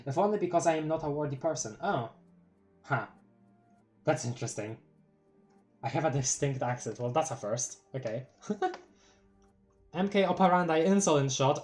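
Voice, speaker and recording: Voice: mid-range voice, normal speed, pauses often, soft background music. A streamer with a Polish accent reading a webcomic aloud on a live read-along, breaking off to react with laughs and exclamations. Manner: expressive, reads captions aloud then reacts with laughs and exclamations.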